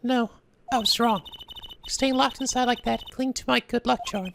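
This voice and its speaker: A man voicing a shy, soft-spoken young woman in a high falsetto, reading game dialogue aloud. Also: fairly even intonation, moderate pace, gravelly, slight background noise, exaggerated voice. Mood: quietly earnest. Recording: game music underneath.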